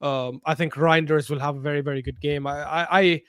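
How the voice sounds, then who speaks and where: A man's voice: fairly high pitch, fairly even intonation, brisk, fairly bright tone, clean tone, no echo, clean studio sound. A young man co-hosting a casual football podcast, blunt and opinionated, teasing the others. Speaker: podcast co-host.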